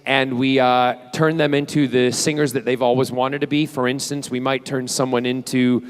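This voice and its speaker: A man with a mid-range voice answers fan questions at a convention panel. His delivery is flat at a moderate pace over slight background noise, though the exchange itself is playful, chatty and self-teasing.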